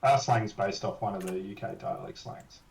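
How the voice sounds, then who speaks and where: A man's voice: sits low, moderate pace, vocal fry, darkish tone. Cheeky Australian man, echoey and distant. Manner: cheeky, teasing, heavy on slang. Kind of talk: casual live-stream chat.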